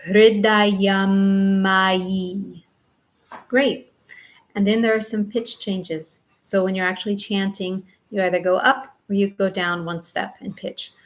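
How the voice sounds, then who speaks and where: In a mid-range voice, a woman teaches a chant one step at a time, patiently drawing out the syllables for her students to echo back as part of a pronunciation lesson.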